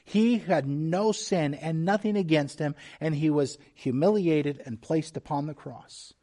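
A man preaching a sermon as pastor, earnest and measured, with restarts and small asides. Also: a little high, mellow.

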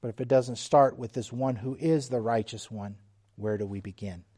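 A middle-aged man preaching a sermon, slow and emphatic, dropping suddenly to quiet, hushed lines. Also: medium pitch, slightly rough. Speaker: pastor.

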